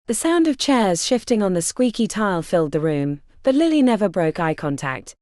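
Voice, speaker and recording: A woman narrating a fantasy audiobook in an expressive storytelling style. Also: medium pitch, moderate pace, hardly any pauses, dry recording, studio quality.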